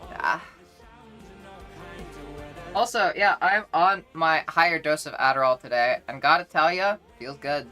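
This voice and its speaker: Low-voiced, bright-toned woman streamer. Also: a little slow, long pauses, faint music behind. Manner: chatty, rambling, frequent restarts. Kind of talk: casual live-stream chat with viewers.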